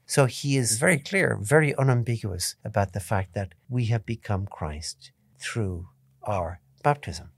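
A priest giving a calm, measured spoken meditation, stressing key points by repeating them. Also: male voice, lowish voice, creaky, slightly rough, no room sound, clean studio sound. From Ireland. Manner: calm, measured teaching tone with emphatic repetitions.

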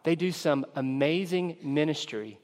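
A man preaches slowly and deliberately, leaning hard on key words and lifting into an excited voice when he acts out the disciples. His voice sits fairly high for a man. It rings with long reverb, as though from a large hall. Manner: earnest, measured preaching with emphatic stresses. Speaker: pastor. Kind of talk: sermon.

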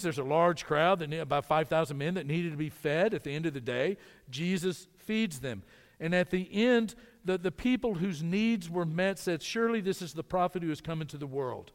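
A man's voice: fairly high pitch, big-room sound. A man preaching a sermon, emphatic, repeating words as he builds a point.

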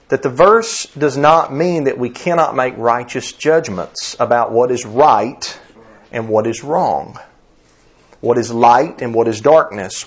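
A man's voice: medium pitch, slightly rough. A man in his thirties, a pastor preaching a conversational sermon, telling stories and asking rhetorical questions, often restarting his words.

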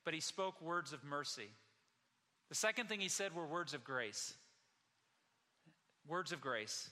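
A man preaching a sermon to his congregation, earnest, asking rhetorical questions and slowing down for emphasis. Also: a little high, lively intonation, bright, forceful tone, big-room sound. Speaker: pastor.

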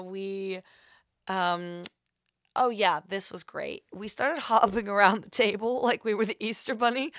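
A woman's voice: mid-range voice, dry recording, clean studio sound. A young woman hosting a podcast who tells a rambling, casual story, full of filler words. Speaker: podcast host.

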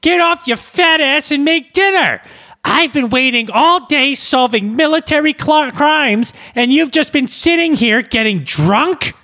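A man doing a shrill screeching nagging wife. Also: expressive, unhurried, sharp tone, heavily acted. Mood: furious nagging.

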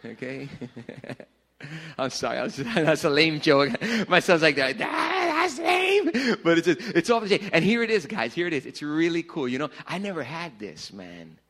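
Lively joking pastor, a middle-aged man. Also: on the high side, moderate pace. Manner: energetic, joking, animated swings between loud and hushed. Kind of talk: youth sermon. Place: church hall with a youth crowd.

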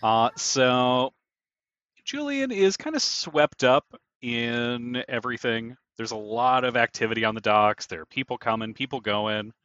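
A man narrating a tabletop game as game master, relaxed and hesitant, with many pauses. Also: mid-range voice, dry recording, highs cut off.

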